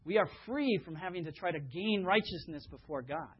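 Man, preacher, conversational sermon, husky voice, dull lo-fi recording. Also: high-pitched, expressive, moderate pace. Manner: conversational, with fillers and rhetorical questions. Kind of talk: sermon with storytelling.

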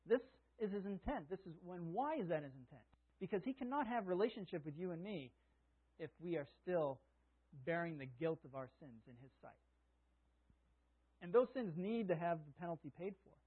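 Husky man preaching over a tinny line. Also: high-pitched, animated, moderate pace. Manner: conversational preaching, reads scripture aloud, chuckles at own asides. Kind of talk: sermon. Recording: tinny phone-like sound.

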